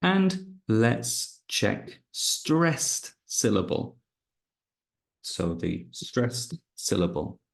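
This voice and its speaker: Slow, gravelly-voiced male English teacher. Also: mid-range voice, big pitch swings. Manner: slow, clearly enunciated, exaggerated stress on words. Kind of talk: slow classroom grammar and pronunciation review.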